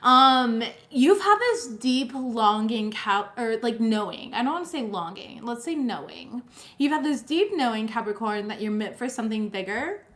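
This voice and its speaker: A woman's voice: on the high side, animated, normal speed, a bit bright. A young woman giving a casual live-streamed tarot reading, chatty and full of fillers, often checking in with her viewers. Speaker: tarot reader.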